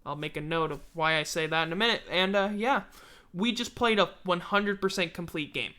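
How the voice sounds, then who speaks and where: A man's voice: high-pitched, a little fast, sharp tone, clear, resonant tone. A man hosting a casual sports recap, blunt and sarcastic, tired and yawning. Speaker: host of a sports podcast.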